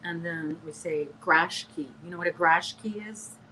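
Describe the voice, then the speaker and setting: A woman with a Chicago accent co-hosting a casual live chat, chatty and quick to laugh. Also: on the low side, bright, forceful tone, a little hiss or hum, low-quality recording. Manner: chatty, laughs easily, coos at a pet. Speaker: co-host of a live chat stream.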